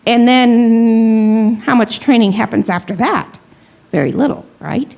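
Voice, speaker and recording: Workshop presenter, middle-aged woman, fairly high voice, chatty teaching style, keeps asking the room questions. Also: unhurried, creaky, darkish tone, dull audio. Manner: conversational, checks in with "okay?" and questions to the audience. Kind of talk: church leadership workshop talk.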